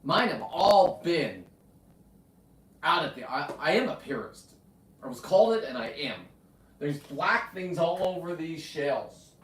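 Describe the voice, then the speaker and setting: A brash, foul-mouthed man rambles through his livestream, his fairly high voice sitting a little off the mic. The room around him rings with echo. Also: animated, measured pace, recorded from a distance. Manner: brash, profane, talks to his dog. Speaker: livestream host.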